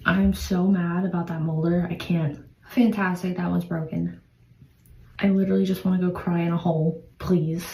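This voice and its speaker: A woman's voice: lowish voice, mellow. A young woman filming a confessional vlog, anxious and close to tears as she talks to the camera. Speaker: vlogger. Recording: echoey room, faint ambience.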